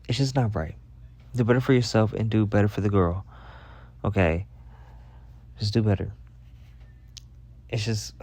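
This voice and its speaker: A man's voice: fairly low pitch, warm tone, dry recording. A young man telling stories and giving advice in a sassy, profane, exasperated rant. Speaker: advice and story vlogger. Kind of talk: casual storytelling rant.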